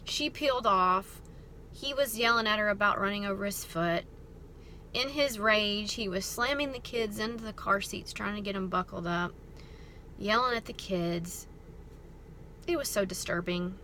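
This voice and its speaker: A middle-aged woman, hosting a ministry talk and telling a story in a chatty, expressive way. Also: medium pitch, normal speed, slight background noise. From American South. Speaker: ministry host. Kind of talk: casual storytelling talk to camera.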